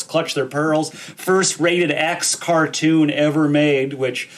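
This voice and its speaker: Animated high-voiced man chatting. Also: measured pace, hardly any pauses. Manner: animated, acts out quoted voices. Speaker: podcast co-host. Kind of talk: casual chat.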